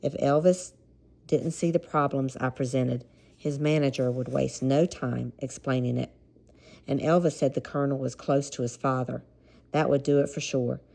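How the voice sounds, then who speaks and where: A woman's voice: rumbling low, steady tone, normal speed, vocal fry, dark tone. A woman with a Southern American accent reading a memoir aloud and dropping casual, chuckling asides between passages. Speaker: reader.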